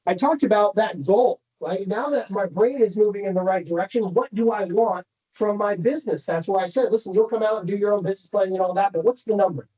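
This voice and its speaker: A man giving an animated motivational training talk to a room of real estate agents, telling stories and asking the crowd questions. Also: sits high, fast, dull audio. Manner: animated storytelling, addresses the crowd directly.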